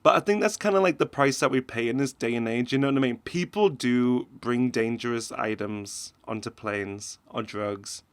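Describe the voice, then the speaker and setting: A sarcastic man talks through a reaction commentary, chuckling at his own jabs and keeping things loose. His voice sits at an ordinary pitch and is recorded close and dry, with no room sound at all. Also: moderate pace, hardly any pauses, clean tone, no echo. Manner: sarcastic, laughs often between remarks. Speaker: commentary host.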